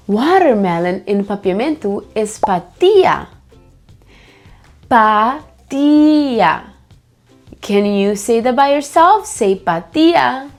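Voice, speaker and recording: A woman teaching fruit names to young children, repeating each word slowly and prompting them to say it back. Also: medium pitch, darkish tone. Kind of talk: slow, sing-song kids' lesson.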